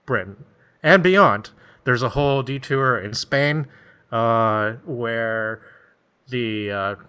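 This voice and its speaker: Man with a bright, mid-pitched voice, chatty and rambling, laughs easily. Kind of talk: casual chat.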